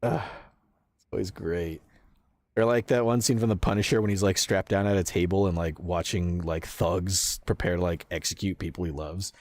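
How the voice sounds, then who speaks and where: A man's voice: deep voice, fairly even intonation, moderate pace, a little mellow, dry recording, studio quality. A man from the United States streaming a video game, chatting casually, laughing often, swearing freely and answering his chat. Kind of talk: casual live gameplay commentary.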